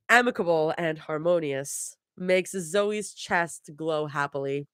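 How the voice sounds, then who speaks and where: A woman's voice: low-pitched, slow pace, hardly any pauses, fairly bright tone, smooth, dry recording, studio quality. A woman reading her fan fiction aloud live, chuckling and restarting words as she goes. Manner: laughs and restarts while reading. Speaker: fanfiction reader.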